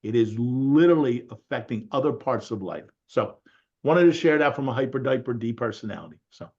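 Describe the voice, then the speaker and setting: A husky-voiced man tells stories on a group call, lively and quoting people as he goes. The audio is dull and lo-fi, as from a video meeting. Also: medium pitch, fairly quick. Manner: animated storyteller, quoting others. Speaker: real estate agent. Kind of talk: casual group call talk.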